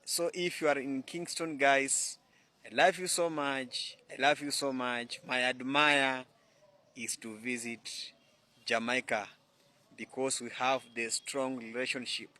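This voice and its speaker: A man talks to the camera in a slow, halting, affectionate way. His tone is bright and sharp. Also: mid-range voice, fairly even intonation. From Kenya. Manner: halting, restarts words, affectionate. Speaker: social media commenter. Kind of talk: casual direct-to-camera talk.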